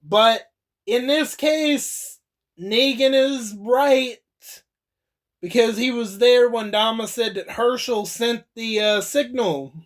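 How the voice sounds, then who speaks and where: A man's voice: very high voice, slow pace. A young man casually recapping a TV episode, loose and swearing, laughing as he goes. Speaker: TV episode reviewer.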